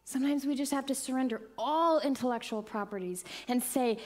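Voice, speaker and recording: A middle-aged woman minister telling a personal story in a sermon, dropping to hushed whispers and rising to excited, emphatic bursts. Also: sits high, moderate pace.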